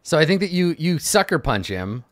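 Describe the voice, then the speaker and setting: A man's voice: a little high, very animated, brisk, fairly bright tone, no echo, studio quality. A man narrating as game master of a tabletop game, rambling and hedging as he describes scenes.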